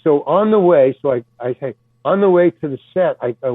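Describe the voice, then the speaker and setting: Expressive and fairly quick, this older man's slightly high voice carries rambling anecdotes as a guest actor. He stammers, restarts, and swears casually. It's a dry recording with a tinny, telephone-like sound.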